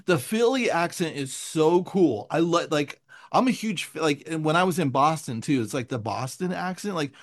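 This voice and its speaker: A man from San Francisco in casual chat, animated and enthusiastic, often breaking into laughs. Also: a little high, normal speed.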